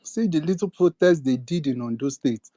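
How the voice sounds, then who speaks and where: A young Nigerian man speaks with a Nigerian accent in a slightly high voice, ranting with indignation and piling up rhetorical questions. The sound is close and dry, with no room around it. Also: lively intonation, moderate pace, mellow, no room sound. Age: young adult. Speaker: speaker in an online audio space. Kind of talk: impassioned political rant.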